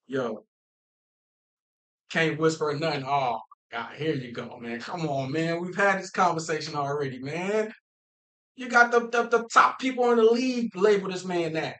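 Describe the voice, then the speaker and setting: In a low-quality recording, a man vlogs as a football fan, ranting casually and animatedly straight to his viewers, repeating himself and emphatically restarting phrases. His voice is fairly high and a bit bright, and he speaks unhurriedly with long pauses.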